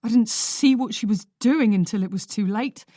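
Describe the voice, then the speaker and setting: Woman narrating an audiobook, close mic, super dry sound, anxious but steady. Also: on the high side, normal speed, dry recording. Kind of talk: first-person audiobook narration.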